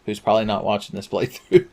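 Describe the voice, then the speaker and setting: A man's voice: on the low side, monotone, fast, gravelly, dark tone. Sarcastic, joking gameplay commentator man. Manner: sarcastic, profane, rambling jokes. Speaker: game commentator. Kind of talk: let's play commentary.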